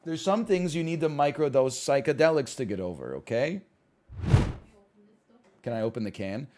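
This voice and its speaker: A man's voice: medium pitch, sing-song, normal speed, a little mellow. A man streaming and chatting casually, rambling, sarcastic and profane, with frequent stammers and restarts.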